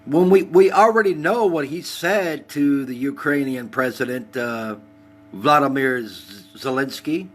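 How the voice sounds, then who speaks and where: A man's voice: medium pitch, measured pace. A man in his forties from Texas, hosting a heated, profane rant on his live stream. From El Paso, Texas. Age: 40s. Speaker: livestream host.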